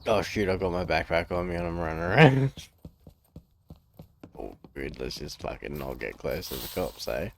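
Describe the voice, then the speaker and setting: A man's voice: low voice, big pitch swings, moderate pace, creaky, a little hiss or hum. A young Australian man streaming a game, chatting casually, joking, swearing freely and laughing often. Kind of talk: casual gameplay commentary.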